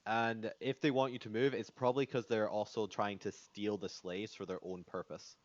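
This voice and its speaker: Rambling low-voiced game master. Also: male voice, little pitch movement, normal speed, no echo. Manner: rambling, many fillers. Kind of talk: narrating a tabletop game. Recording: dry, dull lo-fi sound.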